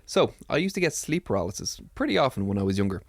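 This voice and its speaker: A man's voice: lowish voice, very animated, fast talker, no echo, studio quality. A man co-hosting a podcast, chatting casually with many fillers and reading out a listener's letter. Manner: chatty, lots of fillers and laughs. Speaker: podcast co-host.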